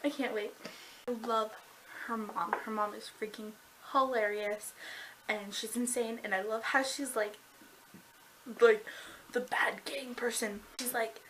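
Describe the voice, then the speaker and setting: Bubbly, gushing young woman, bright voice. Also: fairly high pitch, measured pace, pauses often, slight background noise, poor audio. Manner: gushing and excitable, heavy use of "like". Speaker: book reviewer. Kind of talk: casual book review vlog.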